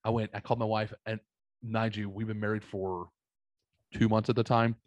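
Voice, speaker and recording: A man's voice: fairly low pitch, level tone, normal speed, no echo, lo-fi sound. A man telling rambling, profanity-laced anecdotes as a guest in a casual chat. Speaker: podcast guest. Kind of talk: casual storytelling.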